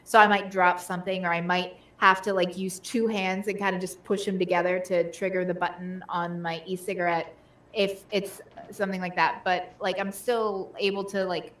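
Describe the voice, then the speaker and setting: A woman's voice: lowish voice, level tone, normal speed, a bit bright, echoey room. A woman in casual chat who rambles with many fillers.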